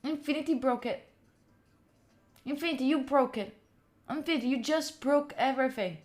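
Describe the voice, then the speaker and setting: A young woman hosts a casual live stream, talking straight to her chat. Her voice sits high and she turns excitable as she thanks viewers by name. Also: normal speed, pauses often, faint music behind. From Italy. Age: young adult. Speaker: study streamer.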